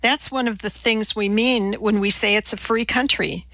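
A woman reading the part of a gentle, earnest male reverend. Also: medium pitch, steady tone, moderate pace, dry recording, highs cut off, close to an everyday voice. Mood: mild.

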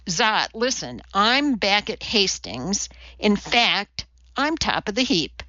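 A woman narrator voicing a blunt, brash female executive who talks briskly and bossily, recorded a little dull. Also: medium pitch, sharp tone, no room sound, heavily acted. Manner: brisk, profane, bossy.

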